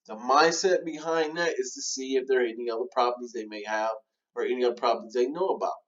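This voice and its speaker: A man's voice: mid-range voice, quick pace, highs cut off. Man casually coaching cold-call scripts. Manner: relaxed, many fillers, acts out sample call lines. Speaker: real estate trainer. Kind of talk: casual instructional walkthrough.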